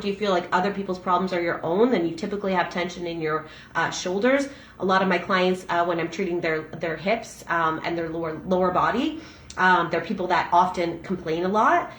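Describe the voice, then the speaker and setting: A middle-aged woman, a massage therapist, giving a reflective talk on a daily reading, speaking gently with frequent restarts and fillers. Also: lowish voice, echoey room. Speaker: massage therapist and breathwork facilitator.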